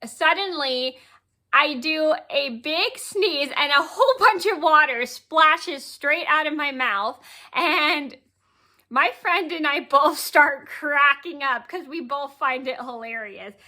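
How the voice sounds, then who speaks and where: High, bright-voiced woman telling a story. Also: takes it slowly. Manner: rambling, repeats words and corrects herself; giggles while telling the story. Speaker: vlogger. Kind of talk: casual storytelling.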